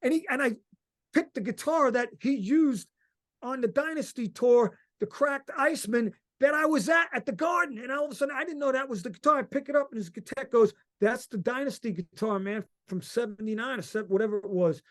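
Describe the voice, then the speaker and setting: A middle-aged man from Long Island, a musician guest telling stories in a rambling, excited way and swearing freely. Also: extremely high pitch, fairly quick. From Long Island, New York. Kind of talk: casual interview chat.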